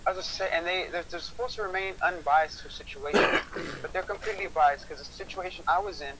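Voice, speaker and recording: Fast, profane man telling a heated story. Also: high-pitched, very noisy. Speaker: guest on a livestream chat. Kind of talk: casual storytelling chat.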